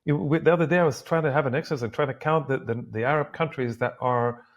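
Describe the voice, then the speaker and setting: A man co-hosting a discussion podcast from a remote call, talking in a halting way with many restarts. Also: medium pitch. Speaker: podcast co-host. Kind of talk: casual discussion. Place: Beirut, at a university.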